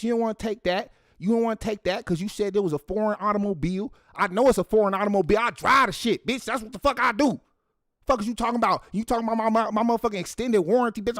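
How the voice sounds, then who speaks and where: Man putting on a hot-headed foul-mouthed caller, stammering, fast-talking, dry close sound. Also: high-pitched, fairly bright tone, no room sound. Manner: stammering, profane, ranting. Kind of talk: comic prank call.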